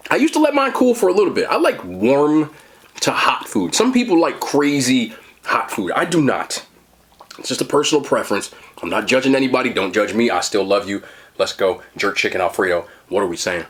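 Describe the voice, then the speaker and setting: A man's voice: mid-range voice, very animated, brisk, fairly bright tone. A man in his thirties hosting a mukbang, chatting casually to viewers while he eats. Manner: chatty, upbeat, addresses viewers directly. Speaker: mukbang host. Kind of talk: casual chat to camera while eating.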